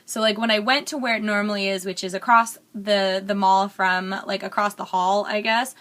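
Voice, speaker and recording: A woman's voice: medium pitch, fairly even intonation, normal speed, fairly bright tone. A young woman chatting candidly while doing her makeup in a get-ready-with-me vlog, rambling and full of fillers. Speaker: beauty vlogger.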